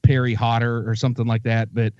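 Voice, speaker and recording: A man's voice: medium pitch, little pitch movement, a little fast, darkish tone, no room sound, highs cut off. A man co-hosting a podcast in casual chat, rambling and correcting himself as he goes. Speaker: podcast co-host.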